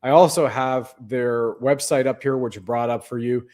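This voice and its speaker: A man's voice: medium pitch, fairly even intonation, moderate pace, darkish tone. A man hosting a show, delivering a rambling, conspiratorial livestream monologue. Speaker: show host.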